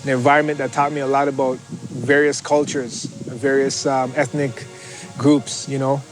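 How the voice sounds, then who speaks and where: A man's voice: medium pitch, level tone, poor audio. A man from Scarborough, Canada, speaking in a documentary interview about growing up, with frequent restarts and fillers. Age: adult. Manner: halting, many restarts and fillers. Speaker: interviewee, athlete. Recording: faint music underneath.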